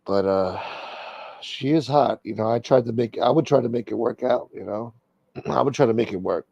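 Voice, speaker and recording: Gravelly, crude fifties man ranting. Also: mid-range voice, normal speed, darkish tone, no echo, lo-fi sound. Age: 50s. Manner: crude, sarcastic, mocking. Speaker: host. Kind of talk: profane comedic rant.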